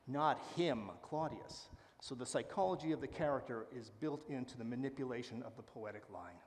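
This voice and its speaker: A man giving a public talk and answering audience questions, speaking with lively enthusiasm and frequent fillers. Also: mid-range voice, moderate pace, long reverb tail. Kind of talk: public lecture and Q&A. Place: lecture hall with live audience.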